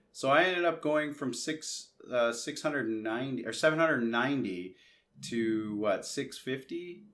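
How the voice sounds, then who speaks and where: A man from Canada rambles through a customer service story in an easygoing, conversational way. He slips into the other people's words as he quotes them and restarts his sentences often. His voice sits at an ordinary middle pitch. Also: a bit bright. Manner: chatty, re-enacts conversations in quoted asides, frequent restarts. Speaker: tech vlogger.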